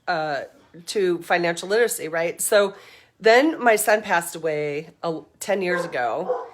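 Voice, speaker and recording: A woman's voice: fairly low pitch, a little slow, slight background noise. A middle-aged woman chatting on a casual livestream, upbeat and rambling, a little out of breath as she walks around outdoors. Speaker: livestream host. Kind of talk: casual live-stream chat. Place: outdoors around her home and yard.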